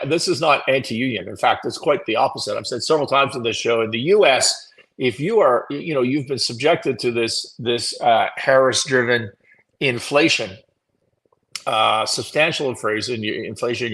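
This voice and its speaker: A man's voice: medium pitch, a bit bright, rough recording. A man hosting a live business commentary show, wry and amused, often laughing at his own points and giving punchy readings of quotes. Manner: mocking emphatic read-outs of quoted rants.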